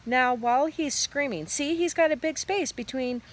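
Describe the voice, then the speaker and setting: A woman's voice: sits high, moderate pace, voice pushed up, natural voice. A woman voicing a helpful young schoolboy who explains eagerly, reading aloud outdoors.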